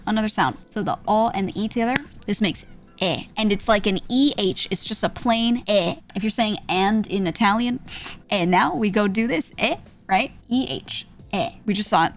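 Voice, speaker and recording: Young woman streamer, casual teacher, chatty and giggly, mid-range voice. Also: mid-range voice. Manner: chatty, laughs often, sounds out syllables. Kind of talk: casual live-stream lesson.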